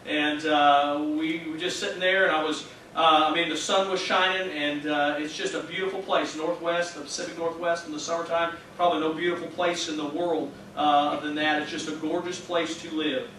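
A man's voice: a little high, level tone, normal speed, few pauses, sharp tone. A man in his thirties, a pastor, preaching a sermon with an earnest, heartfelt personal story and interjected praise. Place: church sanctuary. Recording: echoey church from a distance, faint hum.

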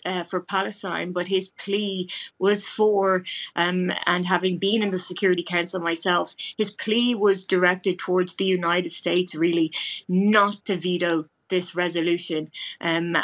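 Low, flat-voiced woman on a remote link. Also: highs cut off. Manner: emotional, hesitant, many fillers. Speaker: former diplomat and lecturer. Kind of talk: remote news interview.

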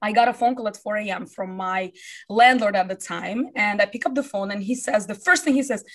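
A woman in her thirties from the USA, a business founder telling her life story in an interview, animated and acting out what people said. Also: mid-range voice, fairly quick. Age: 30s.

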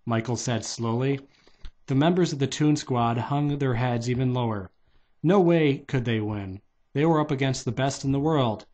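A man's voice: mid-range voice, normal speed, darkish tone, muffled recording. Man casually reading a kids' book aloud. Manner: loose, unpolished delivery with restarts and "take two" retakes. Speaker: reader.

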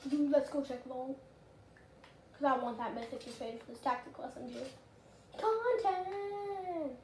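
A woman giving casual, rambling gameplay commentary, getting excitable and shouting at the game. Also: high voice, fairly quick. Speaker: gaming channel host. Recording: roomy and noisy.

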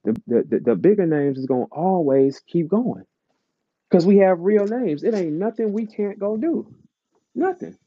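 In a live audio chat he hosts, a man rants at his listeners bluntly, swearing as he lectures them. He sounds animated, his high voice moving at a moderate pace with no room sound, carried over a dull lo-fi stream.

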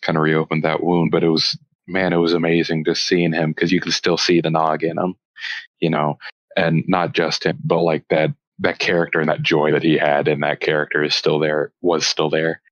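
A man's voice: rumbling low, little pitch movement, moderate pace, no echo, highs cut off. A man co-hosting a podcast, talking in a somber, reflective casual way. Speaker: podcast co-host.

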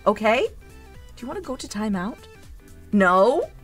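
A woman's voice: a little high, big pitch swings, unhurried, husky, faint music behind. A woman streamer hosting a cozy barista role-play, reading chat aloud in a teasing, playfully motherly way. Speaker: VTuber streamer, host.

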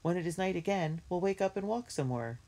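A woman voicing a sensible, motherly older girl with a practical, even manner, in a storybook reading. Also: fairly low pitch, a little fast, pitched above the performer's own voice.

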